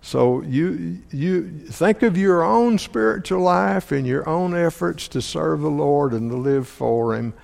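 Slow creaky-voiced male preacher. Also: on the high side, a little mellow. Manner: asks the congregation many questions; halting, repeats words and restarts. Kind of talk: sermon, reading and explaining scripture. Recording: long hall reverb.

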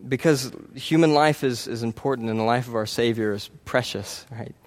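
In this clip, a medium-pitched male preacher speaks at a moderate pace. He sounds earnest and talks conversationally, frequently adding "right?" for the congregation and breaking off to start again.

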